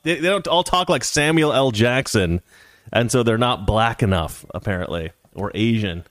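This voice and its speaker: A man's voice: medium pitch, moderate pace, a bit bright, dry recording, clean studio sound. A man hosting a casual livestream commentary show, talking in a sarcastic, ranting way. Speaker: host.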